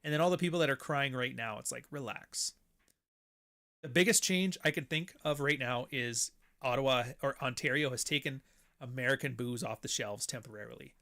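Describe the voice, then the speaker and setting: A podcast host ranting in a blunt, profane and sarcastic way in casual talk. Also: male voice, medium pitch, normal speed, creaky, pushed and bright. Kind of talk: casual opinion rant.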